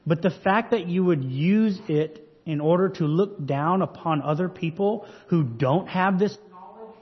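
A pastor delivers an earnest, measured sermon in a church sanctuary, his voice slightly high and husky. The recording sounds dull and is soaked in long hall reverb.

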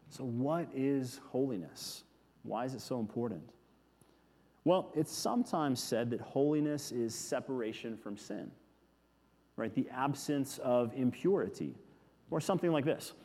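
A man preaching a sermon, earnest, repeating key words and letting them fall soft. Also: mid-range voice, big-room sound. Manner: earnest, with emphatic repetitions falling soft. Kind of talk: sermon teaching on scripture.

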